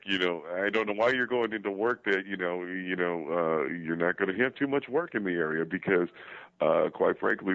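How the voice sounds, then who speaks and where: A man's voice: low-pitched, fairly bright tone, dry recording. A man, a paranormal investigator, talking casually in an interview, rambling with lots of fillers and repeated words. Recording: dull lo-fi dry audio.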